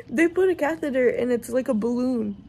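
A woman's voice: sits high, big pitch swings, normal speed, darkish tone, slightly rough. A nineteen-year-old woman vlogging in casual chat from a hospital room, giggly and rambling, with many filler likes.

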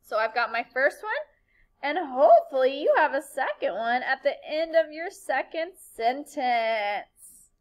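A woman's voice: sits high, animated, a little slow, low-quality recording. A woman teacher giving a recorded writing lesson to young children, upbeat and encouraging, asking the class questions.

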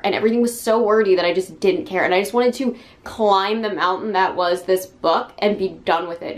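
A young woman giving a frank, casual book review, talking with many fillers and sounding exasperated. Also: mid-range voice.

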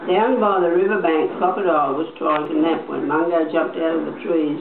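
An older woman, a grandmother, reading a storybook aloud to a child at home, with gentle, chatty asides. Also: low-pitched, fairly even intonation, moderate pace, gravelly. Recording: echoey, tinny, crowd behind.

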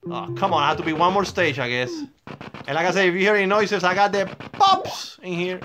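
A man hosting a gaming channel, giving excitable let's play commentary, swearing and yelling at the game. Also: high-pitched, brisk. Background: game music.

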